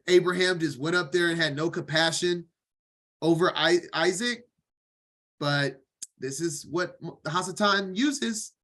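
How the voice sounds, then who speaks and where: A man's voice: fairly high pitch, fairly bright tone. Man reading scripture aloud, then commenting. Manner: reads aloud, then breaks off to comment casually. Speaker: scripture teacher.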